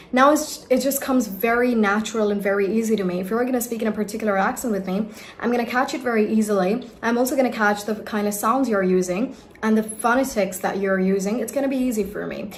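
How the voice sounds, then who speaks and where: Lively young woman telling her story. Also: mid-range voice, slight background noise. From India. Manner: emphatic, lively, direct advice to viewers. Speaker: accent coach. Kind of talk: personal storytelling vlog.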